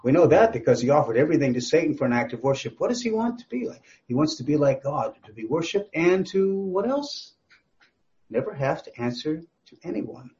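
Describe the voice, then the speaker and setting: A man's voice: fairly high pitch, very animated, brisk, a little mellow, highs cut off. A man preaching a Bible sermon in a conversational way, asking the listeners questions and making small jokes. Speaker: pastor.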